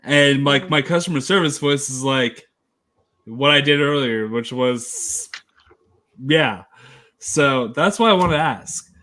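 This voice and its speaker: A man's voice: mid-range voice, slow pace, pushed and bright. A man in a casual group chat, asking questions and steering the talk.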